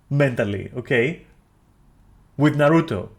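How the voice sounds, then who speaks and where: A man's voice: medium pitch, measured pace. Profane, exasperated male streamer ranting. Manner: loud, profane, exasperated ranting that drops into quieter, apologetic talk. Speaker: streamer reviewing a series. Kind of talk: casual ranting review.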